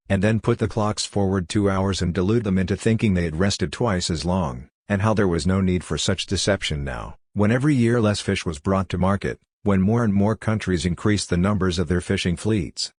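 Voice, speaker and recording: Deep-voiced man narrating a literary audiobook. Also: no echo, clean studio sound.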